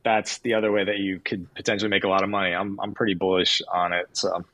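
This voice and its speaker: A man co-hosting a casual livestream chat, excitable and joking, often drifting onto tangents. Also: sits low, fast, no room sound, low-quality recording. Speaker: co-host.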